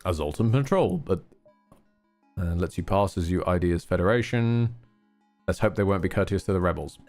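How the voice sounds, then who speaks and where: A man's voice: sits low, moderate pace, a little mellow, faint music behind. A man live-streaming a game, chatting casually, rambling and swearing often with candid asides.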